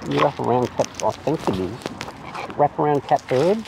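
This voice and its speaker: A man's voice: mid-range voice, lively intonation, normal speed, creaky. An Australian man outdoors, coaxing and playfully teasing wild birds in a casual, sing-song way. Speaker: bird feeder filming wild birds. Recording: noisy outdoor recording with birds. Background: bird calls and outdoor sounds.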